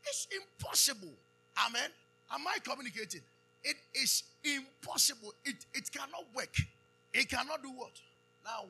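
A man with a Ghanaian accent preaching a sermon, calling out questions for the congregation to answer and building to loud emphasis. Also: sits high, gravelly. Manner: call-and-response preaching, loud rising emphasis. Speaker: pastor.

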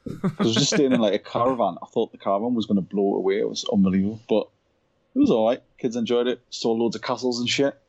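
Man from Yorkshire, husky voice, rambling stories, laughs a lot, dull lo-fi sound. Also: mid-range voice, fast, a little mellow. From Yorkshire, England. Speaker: podcast co-host. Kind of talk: casual chat.

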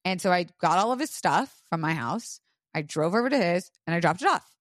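A woman's voice: lowish voice, expressive, brisk, no room sound, clean studio sound. A woman podcast host telling a personal story in casual chat, frank and profane, full of "like".

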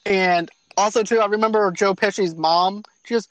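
A man's voice: high voice, fairly even intonation, low-quality recording. A man co-hosting a movie podcast, casually telling stories and retelling scenes, laughing along as he talks. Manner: quick storytelling, retelling lines with laughs. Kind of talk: casual chat about movies.

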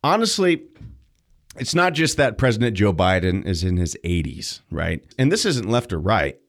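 A young adult man hosting an opinion podcast, sarcastic and animated, jumping between loud and quiet. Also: mid-range voice. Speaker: podcast host.

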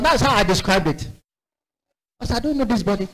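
A man delivers a sermon. His voice sits high and swings widely as he tells stories. He acts out the voices of the people in them with sudden high-pitched exclamations. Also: expressive, fast, fairly bright tone, a little hiss or hum, low-quality recording. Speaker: preacher.

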